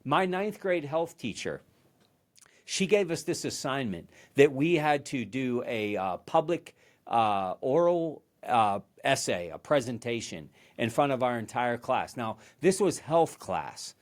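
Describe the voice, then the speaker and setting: A man's voice: mid-range voice, big pitch swings, unhurried. A man hosting a podcast, giving a motivational leadership talk in an earnest storytelling manner, often restarting and repeating words. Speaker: podcast host.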